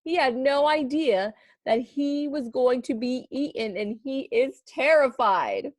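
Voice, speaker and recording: A woman teacher reading a picture book aloud to students with expressive storytelling, stopping to ask them questions. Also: high-pitched, slow pace, no echo, studio quality.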